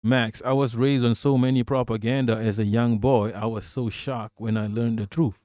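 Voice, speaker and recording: A man's voice: mid-range voice, fairly even intonation, normal speed, dark tone, dry recording, clean studio sound. A man hosting a casual political livestream, talking bluntly and profanely and laughing as he reacts to chat. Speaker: livestream host.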